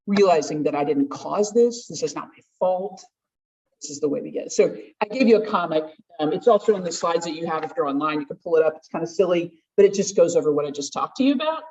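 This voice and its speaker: A woman gives a talk at a conference, lively and chatty, and often slips into the voices of the people she quotes. Her pitch sits at an everyday middle. She sounds set back from the microphone, and the recording has a dull, muffled tone. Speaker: conference speaker. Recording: distant, dull room mic.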